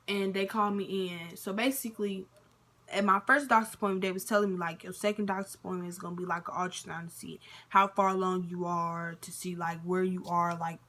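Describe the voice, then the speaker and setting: A woman's voice: mid-range voice, fairly bright tone. A young woman casually telling a personal story to camera, full of fillers like "basically" and "like" and acted-out dialogue. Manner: chatty, lots of fillers and quoted dialogue. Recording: faint background noise.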